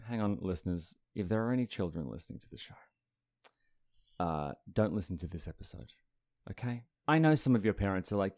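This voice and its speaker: A man's voice: deep voice, animated, a little fast, a little mellow. A man co-hosting a podcast in casual chat, teasing and sardonic, who also reads news stories aloud. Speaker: podcast co-host.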